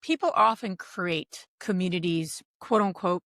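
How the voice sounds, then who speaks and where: A middle-aged woman from Pennsylvania, a podcast guest who tells stories with animated quoted voices. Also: fairly low pitch, a little slow, no room sound, clean studio sound. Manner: animated storyteller, acts out quotes. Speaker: podcast guest, real estate investor. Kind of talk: casual interview talk.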